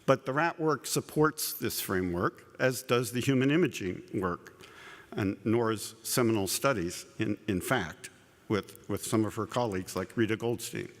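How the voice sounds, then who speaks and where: A man's voice: on the low side, normal speed. A man giving a conversational scientific lecture at a conference, often repeating words and dropping humorous asides. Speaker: conference speaker. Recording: long echo of a large hall.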